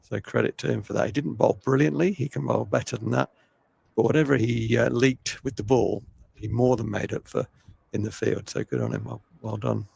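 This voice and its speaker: Man, cricket commentator, very gravelly, raspy, chatty rambling delivery. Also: mid-range voice, fairly even intonation, fairly quick, a little mellow. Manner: rambling, chatty, self-deprecating. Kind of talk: live sports commentary.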